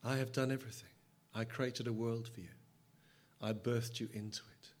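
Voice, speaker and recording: A man speaking as God in a calm, patient voice that is low, quiet and measured. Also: natural voice. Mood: solemn.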